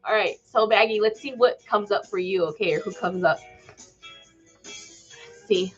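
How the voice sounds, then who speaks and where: A woman's voice: medium pitch, unhurried, lo-fi sound, faint music behind. A woman talking casually as a psychic channeler on a live stream, rambling with many fillers and tacking "okay?" onto her lines. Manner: rambling, full of "um", "like" and tag "okay?".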